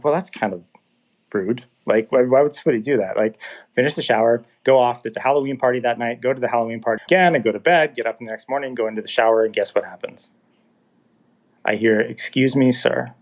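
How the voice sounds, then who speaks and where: Animated man telling a story, lo-fi. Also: medium pitch. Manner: animated, acts out dialogue in quotes. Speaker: guest telling his story. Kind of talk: casual first-person storytelling. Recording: dull lo-fi sound.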